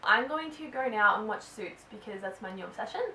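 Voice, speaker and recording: A young Australian woman telling a storytime vlog in a chatty, animated way full of "like" fillers. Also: mid-range voice, brisk, echoey room, recorded from a distance, a little hiss or hum. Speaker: vlogger.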